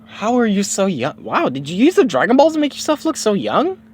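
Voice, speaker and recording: A man doing an excitable young boy hero. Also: a little fast, a little hiss or hum. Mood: startled. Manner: high excited yelps. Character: cheerful naive young boy fighter.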